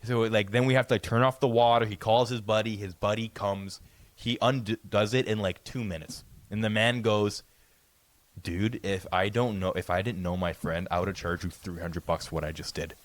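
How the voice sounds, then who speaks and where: A man's voice: fairly low pitch, fairly even intonation, moderate pace, dry recording. A man co-hosting a podcast, telling a long story in a rambling way, with many stammered restarts and a lot of swearing. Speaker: podcast co-host. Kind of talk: casual storytelling.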